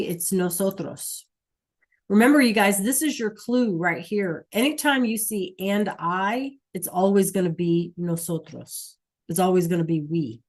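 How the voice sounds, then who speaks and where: Slow, patient woman teaching an online class. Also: medium pitch. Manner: patient, checks in with "okay?" and "right?" often. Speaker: Spanish teacher.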